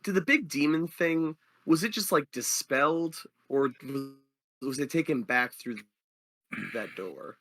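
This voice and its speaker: A man's voice: on the high side, expressive, a little slow, bright, forceful tone, dry recording. A man playing a tabletop game, chatty and full of restarts. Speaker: player. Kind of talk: casual tabletop play.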